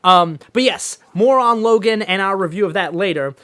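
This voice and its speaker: A man with a notably high speaking voice hosts a casual podcast. He talks loosely and jokes as he goes, drifting into asides. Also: lively intonation, moderate pace, bright, forceful tone. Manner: jokey, loose, rambling delivery with fillers. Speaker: podcast host.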